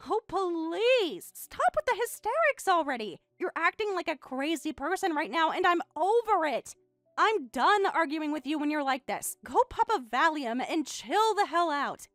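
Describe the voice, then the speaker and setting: A woman's voice: high voice, expressive, measured pace, fairly bright tone, dry recording, soft background music. A woman voicing a bratty, defensive teenage daughter in a dramatized text-story reading, with a snippy, whiny way of talking. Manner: snippy, whiny, swings to frantic.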